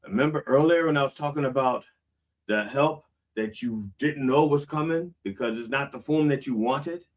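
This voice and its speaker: A pastor speaks at normal speed in a mid-range voice, captured far from the mic. In his casual, conversational sermon he reads song lyrics aloud and then unpacks them, often checking with "okay?"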